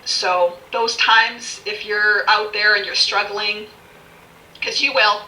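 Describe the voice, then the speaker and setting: Bright-voiced, blunt storytelling woman. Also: mid-range voice, slow pace. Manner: blunt and animated, swears freely, laughs often. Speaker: podcast guest. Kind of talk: candid personal storytelling. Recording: echoey room, distant mic, faint music.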